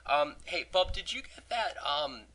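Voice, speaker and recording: A young man chats on a podcast with a hoarse, worn throat. His voice still comes through bright and forceful. He rambles and swears casually, with lots of false starts. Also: on the high side, expressive, unhurried, low-quality recording. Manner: rambling, profane, joking, many restarts. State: hoarse, lost voice. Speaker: podcast host.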